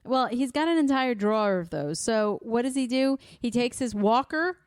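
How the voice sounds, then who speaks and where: A woman co-hosting a podcast in a smooth, clear voice, recorded close and dry. She chats casually and tells family stories, slipping into quoted voices. Her pitch sits a little high. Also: expressive, moderate pace, no room sound. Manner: chatty storyteller, acts out quotes. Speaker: podcast co-host. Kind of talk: casual chat.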